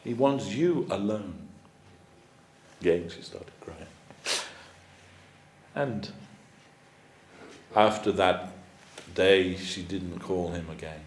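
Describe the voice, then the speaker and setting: A man's voice: on the high side, darkish tone, roomy sound. A man giving a storytelling sermon as a spiritual teacher, conversational with many fillers. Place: temple hall.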